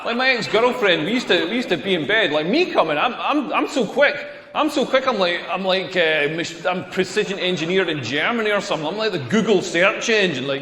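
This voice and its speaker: A man's voice: high-pitched, expressive, a little fast, few pauses, bright, forceful tone. A Scottish man doing a stand-up comedy set on a club stage, ranting through brash, rambling punchlines. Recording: echoey club hall reverb.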